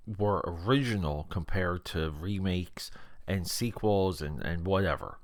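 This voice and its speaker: A man's voice: sits low, unhurried, dry recording. A man hosting a podcast, reviewing a film in a casual, rambling way and often repeating words.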